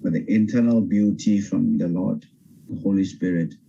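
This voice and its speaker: Older pastor, dull video-call sound. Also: male voice, deep voice, creaky, a little hiss or hum. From Singapore. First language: Teochew. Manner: animated, pauses and restarts often. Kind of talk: Bible study teaching. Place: home over video call.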